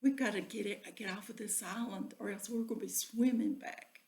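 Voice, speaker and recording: A woman's voice: medium pitch, steady tone, normal speed, vocal fry, darkish tone, natural voice. A woman doing a bossy husband's voice. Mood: insistent. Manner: insistent, talks over others. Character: bossy middle-aged husband lecturing his wife. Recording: echoey room.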